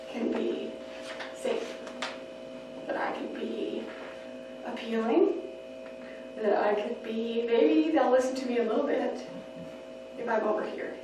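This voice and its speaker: Woman teaching a parenting class, high voice, super echoey, mic way off. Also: slight background noise. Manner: lively, acts out scenes in voices. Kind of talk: parenting workshop talk. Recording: echoey room, mic far off.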